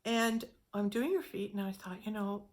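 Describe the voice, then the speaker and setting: A middle-aged woman telling a personal spiritual story in an earnest, halting way, often repeating words as she goes. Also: medium pitch. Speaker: spiritual teacher sharing a testimony.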